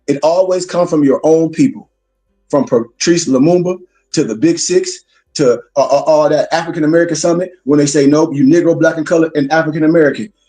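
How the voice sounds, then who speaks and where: A man's voice: fairly high pitch, dark tone. A man lecturing his class as a minister, emphatic and preacherly, repeating his points for weight.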